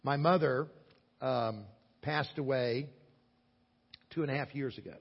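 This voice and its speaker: A man in his sixties from the American South with a Southern accent, preaching a sermon earnestly, with loud stresses and quiet asides. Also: mid-range voice, a little slow, creaky, breathy edge. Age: 60s. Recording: long hall echo, dull lo-fi sound.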